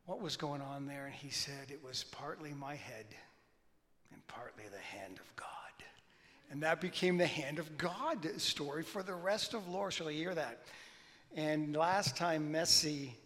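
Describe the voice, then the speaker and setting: A man, a pastor, giving an informal sermon with lively storytelling and a quieter, reverent prayer. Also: on the high side. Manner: animated storytelling, bursts of loud excitement; softer, slower and reverent in prayer. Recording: long hall reverb.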